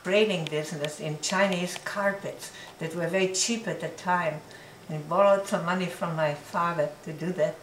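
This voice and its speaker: An older woman telling her life story in an interview, reflective and unhurried, often laughing softly as she talks. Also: on the low side, steady tone, a little hiss or hum, poor audio. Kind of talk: oral history recollection.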